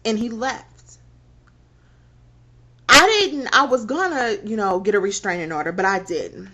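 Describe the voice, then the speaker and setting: A woman in her thirties frankly telling a personal story on her vlog, animated and laughing between phrases. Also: mid-range voice, measured pace, noisy background. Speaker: vlogger. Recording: dull lo-fi recording.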